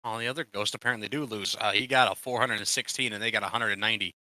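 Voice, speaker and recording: Bright-voiced profane game master man. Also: lowish voice, rapid-fire, no echo, low-quality recording. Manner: casual, profane, playful. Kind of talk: narrating a tabletop game.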